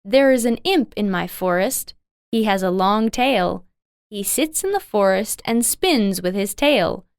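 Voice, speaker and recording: A woman's voice: mid-range voice, lively intonation, a little slow, smooth, dry recording, clean studio sound. A woman voicing a stern fairy-tale king who makes firm pronouncements in a storybook.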